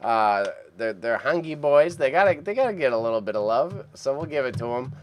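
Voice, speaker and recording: A man's voice: mid-range voice, expressive, fairly quick, slight background noise. Chatty man hosting a live auction stream. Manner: chatty, repeats himself, self-deprecating. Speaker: livestream auction host. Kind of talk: casual live stream chat.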